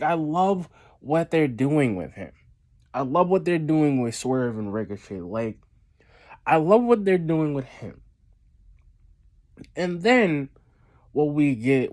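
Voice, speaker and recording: A man's voice: a little high, a little mellow. Rambling man reviewing wrestling. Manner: rambling, repeats himself, many fillers and restarts. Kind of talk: casual solo review vlog.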